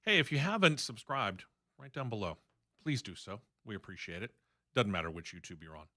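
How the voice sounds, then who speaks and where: A man's voice: lowish voice, expressive, a little fast, pushed and bright. A man hosting a sports talk radio show in a studio, running through racing news in a chatty, opinionated way.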